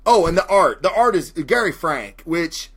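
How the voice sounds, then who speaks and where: A man hosting a casual comic book review show, excitable and profane, answering chat comments as he goes. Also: a little high, normal speed, breathy edge. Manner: excitable, profane, animated asides. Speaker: comic book podcast host.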